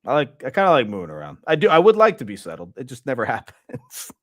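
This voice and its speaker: A man's voice: medium pitch, huge pitch swings, fast, fairly bright tone, no room sound, studio quality. A young man from Louisiana hosting a fan channel, venting in an exasperated, repetitive way about his football team. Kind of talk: frustrated football fan monologue.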